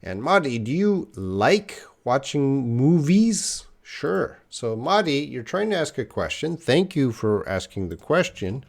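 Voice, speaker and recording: A man's voice: medium pitch, sing-song, slow pace, creaky, hardly any pauses. A man teaching a live online English lesson, patiently explaining grammar and answering viewer questions.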